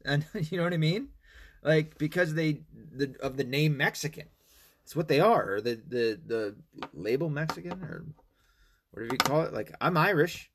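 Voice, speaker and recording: A man's voice: a little high, lively intonation, moderate pace, slightly rough. A man talking casually in a long, rambling monologue, swearing often and stumbling through fillers and restarts. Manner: reads online comments aloud with mocking asides.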